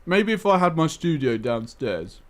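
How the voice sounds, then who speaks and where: A man's voice: a little high, very animated, normal speed. Blunt, chatty male livestream host. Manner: chatty, blunt, laughs easily, swears. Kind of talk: casual chat. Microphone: headset.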